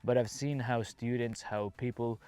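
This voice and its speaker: A man from Venezuela with a Venezuelan Spanish accent hosts a casual podcast for English learners. He talks in a chatty, relaxed way at a medium pitch and slips into acted-out dialogue now and then. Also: normal speed, smooth, dry recording. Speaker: English teacher and podcast host.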